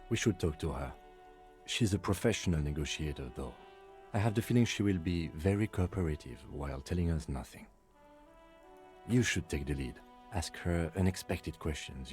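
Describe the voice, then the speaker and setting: An actor playing a calm, methodical middle-aged police lieutenant who speaks in a measured, dry way, in a video game. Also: male voice, very deep voice. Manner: measured, dry, even-toned.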